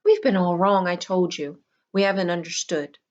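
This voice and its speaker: A woman voicing a hypnotized little boy in a storybook reading, speaking in a bland, calm, reasonable way. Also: lowish voice, normal speed, highs cut off, lightly acted. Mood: eerily calm. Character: boy, the young protagonist's hypnotized little brother, cold and eerily calm.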